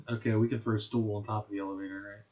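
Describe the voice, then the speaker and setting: A man's voice: fairly low pitch, level tone, fast, a little mellow. Joking, sarcastic man at a game table. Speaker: player. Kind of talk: casual tabletop play. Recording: dull lo-fi audio.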